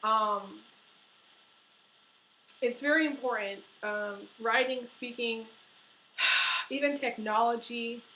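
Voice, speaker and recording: A woman's voice: fairly high pitch, takes it slowly, pauses often, pushed and bright, slight background noise, low-quality recording. A woman giving a tarot horoscope reading, talking earnestly and emotionally with many fillers and restarts. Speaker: tarot reader.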